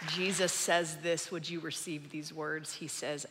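A woman giving a sermon with animated storytelling, addressing a congregation in a large church. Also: low-pitched, a little slow, a loud crowd, very noisy. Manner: animated storytelling, acting out quoted people. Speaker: preacher. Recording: echoey hall with long reverb.

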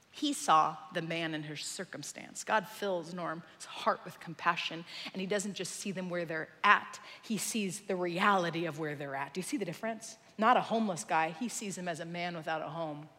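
A woman giving a sermon with animated storytelling, addressing a congregation in a large church. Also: lowish voice, moderate pace. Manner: animated storytelling, acting out quoted people. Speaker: preacher. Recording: echoey hall with long reverb.

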